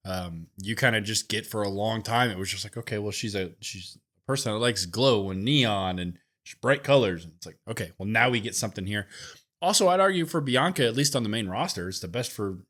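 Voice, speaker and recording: A man's voice: lowish voice, a little fast. Laid-back man talking wrestling. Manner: relaxed, thinking aloud with fillers. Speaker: wrestling podcast co-host. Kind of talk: casual recap chat.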